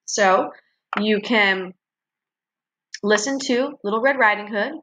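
A woman's voice: medium pitch, slow, a bit bright, slight background noise. A woman teacher walking students through their assignments in a recorded online class, explaining step by step and checking in with frequent "okay" and "right.".

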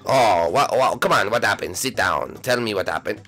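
A man voicing a gruff turtle creature friend in a low, mumbling voice with stammers, in a Minecraft role-play. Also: lively intonation, moderate pace, pushed and bright. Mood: grumbling.

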